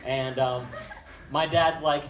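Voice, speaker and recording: A man's voice: mid-range voice, fairly even intonation, slow, noisy background. A young man doing stand-up, telling a story in a rambling, self-mocking way full of fillers. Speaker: stand-up comic. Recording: echoey room from far off with crowd.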